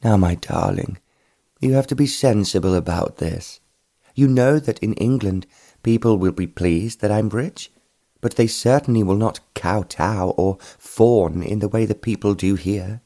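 A patient, wealthy father speaks gently and low, with a soothing tone, as a male narrator puts him on. The voice is dark and mellow. It sits inside a storybook reading. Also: a little slow, no echo, studio quality. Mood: reasoning.

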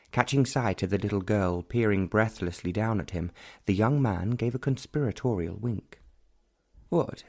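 A man reading a period novel aloud as an audiobook narrator, in measured, deliberate storytelling. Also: fairly low pitch, darkish tone. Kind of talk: scripted narration.

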